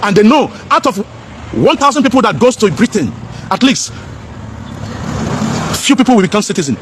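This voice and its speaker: A man's voice: sits high, sing-song, normal speed, background noise. A man in an impassioned, preachy monologue, asking rhetorical questions and slipping into pidgin.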